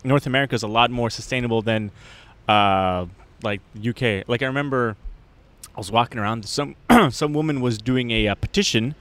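A man's voice: medium pitch, fairly quick, fairly bright tone. A man co-hosting a podcast in casual chat, easygoing and loose, swearing casually. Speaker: podcast co-host.

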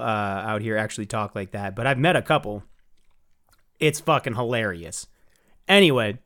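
A man's voice: medium pitch, lightly acted. Man putting on a chirpy Canadian accent. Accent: put-on Canadian. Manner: folksy, chirpy, swears casually. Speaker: podcast host. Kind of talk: podcast sign-off.

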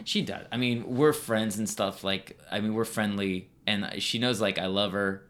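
Low-voiced rambling comedian guest, a man. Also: normal speed, a bit bright. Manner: rambling storyteller, many fillers. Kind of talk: casual podcast chat.

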